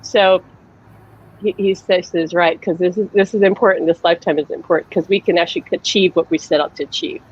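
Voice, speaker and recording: A woman's voice: fairly low pitch, fairly even intonation, brisk, breathy edge, highs cut off. A woman psychic medium hosting a casual live-stream conversation, telling stories animatedly and laughing often. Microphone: video call.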